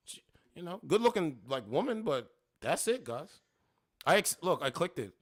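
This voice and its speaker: A man's voice: fairly high pitch, sing-song, moderate pace. A man streaming casual chats with women on a dating app, talking bluntly and confrontationally with plenty of profanity. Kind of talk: casual livestream chat.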